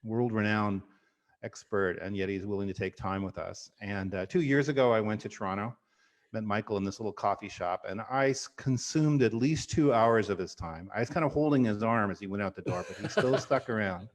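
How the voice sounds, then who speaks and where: A man's voice: fairly low pitch, fairly quick. A middle-aged man hosting an interview, introducing his guest with effusive, enthusiastic praise and frequent fillers. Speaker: host. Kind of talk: warm conversational introduction.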